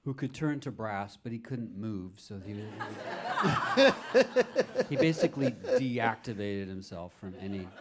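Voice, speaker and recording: A man's voice: fairly low pitch, expressive, takes it slowly, crowd noise. A man, a guest on a live podcast taping, telling rambling anecdotes full of fillers in front of an audience. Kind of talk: live podcast chat, storytelling. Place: stage before a live audience.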